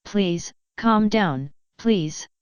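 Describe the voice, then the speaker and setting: A woman's voice: mid-range voice, animated, extremely slow, smooth, dry recording, lo-fi sound. A woman doing a regal warrior pony princess. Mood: soothing. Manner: formal, regal speech. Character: stern warrior pony princess, commanding yet tender.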